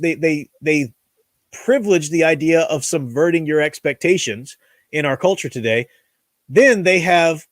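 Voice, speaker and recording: A man's voice: a little high, dry recording, clean studio sound. A man hosting his own commentary show, talking casually in an indignant, ranting way with many restarts. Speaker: commentary channel host.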